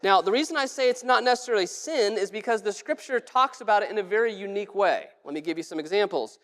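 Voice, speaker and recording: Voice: mid-range voice, fast talker, fairly bright tone. A pastor giving a conversational sermon in a church sanctuary, casual and joking, with frequent restarts. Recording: long church reverb.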